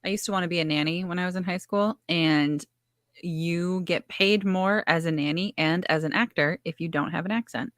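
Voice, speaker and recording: A woman from Wisconsin with a light Wisconsin accent, co-hosting a casual podcast chat with wry, deadpan quips. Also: on the low side, moderate pace, dry recording, studio quality. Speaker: podcast co-host.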